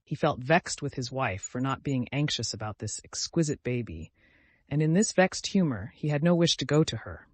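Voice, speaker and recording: A man narrates a classic novel in a steady, even storytelling manner, his voice sitting in an ordinary middle range. The recording is dry and close, with no room around it. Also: mid-range voice, normal speed, dry recording. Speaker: audiobook narrator. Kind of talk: scripted narration.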